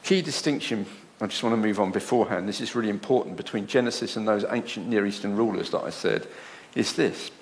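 Animated male preacher with rhetorical questions. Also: medium pitch, slight background noise. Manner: dramatic voices when quoting others. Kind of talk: sermon. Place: church, speaking to a congregation in a room.

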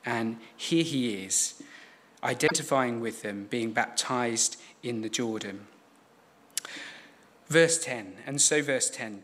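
A man preaching a sermon, measured and emphatic, repeating key phrases for weight. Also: medium pitch, a bit bright.

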